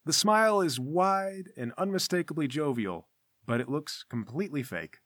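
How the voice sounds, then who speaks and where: A man's voice: a little high, animated, moderate pace, fairly bright tone, no room sound, studio quality. A man narrating a tabletop game as game master with vivid, playful scene descriptions.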